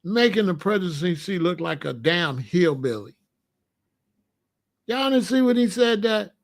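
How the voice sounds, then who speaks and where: Blunt, high-voiced man ranting to viewers. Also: lively intonation, unhurried, creaky. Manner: blunt, emphatic, talks straight to viewers. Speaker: commentator. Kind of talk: casual political commentary.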